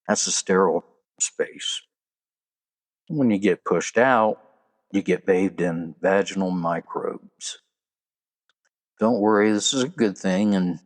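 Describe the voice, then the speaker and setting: Man, deep voice, slow, casual solo podcast host, folksy and joking. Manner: folksy, joking delivery with trivia.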